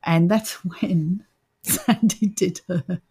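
A chatty woman with a slightly low voice tells the story of a ghost hunt to her co-host. She laughs often and keeps the talk casual and easygoing. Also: fairly even intonation, slow, darkish tone, slightly rough. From Australia. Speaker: podcast co-host. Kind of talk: casual chat.

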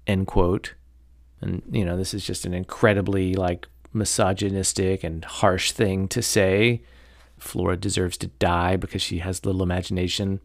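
Low-pitched and flat, with vocal fry and a normal speed, a male podcast host rambles casually through his opinions on a novel. He's critical and hedges constantly, dropping in plenty of fillers. There's no echo; it sounds like a studio.

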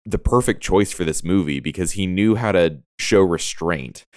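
A man's voice: low-pitched, moderate pace, no echo, studio quality. A man co-hosting a casual movie podcast, enthusiastic, laughing often and acting out quotes. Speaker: podcast co-host.

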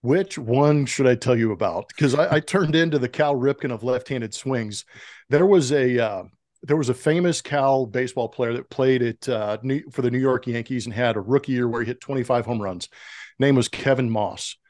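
Telling stories as a podcast interviewee, a middle-aged ex-pro baseball player performs the voices in the dialogue he relates with real animation. His pitch is medium, his speed normal, and no room sound comes through.

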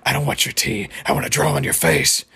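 A man voicing a sinister antique male doll with a deep, creepy voice. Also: big pitch swings, fairly quick, vocal fry, bright, forceful tone, husky, heavily acted. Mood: menacing.

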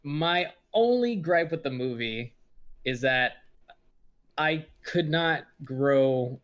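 A man's voice: on the high side, slow pace. Laid back podcast guy, ums a lot, just chatting. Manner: relaxed, hesitant with "um"s. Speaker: podcast co-host. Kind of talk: casual chat.

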